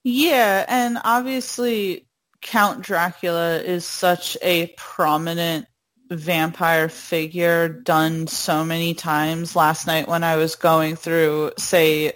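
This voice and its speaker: Woman host chatting slow and easy, lowish voice. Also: fairly even intonation. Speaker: podcast host. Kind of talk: casual chat.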